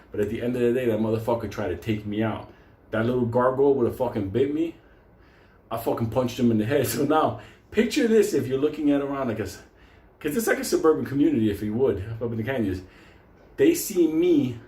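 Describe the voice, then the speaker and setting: A man's voice: mid-range voice, darkish tone, reverberant. A man telling a wild story in a casual, profane way, often laughing as he talks. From New York.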